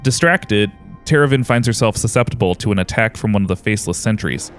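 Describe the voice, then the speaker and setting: Man, low voice, game master, dramatic combat narration, faint music behind. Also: a little fast.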